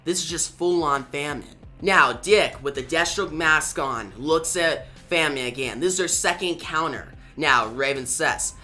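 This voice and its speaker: Comic recap host, casual, eager storyteller, bright voice, faint background music. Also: mid-range voice, measured pace, hardly any pauses. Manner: eager storytelling, reads character quotes aloud. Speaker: comic book reviewer and channel host.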